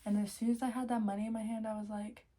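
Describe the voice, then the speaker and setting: A young woman in her twenties, telling a story in a casual vlog, animated, swearing freely and laughing often. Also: fairly high pitch, quick pace. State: out of breath. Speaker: vlogger.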